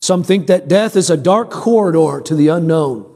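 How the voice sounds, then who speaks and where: A man's voice: a little high, moderate pace, dark tone. A middle-aged pastor with a raised, ringing voice preaches from the pulpit. His lines build through emphatic repetition, then loosen into chatty family asides. A long church reverb trails every phrase. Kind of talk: sermon. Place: church sanctuary.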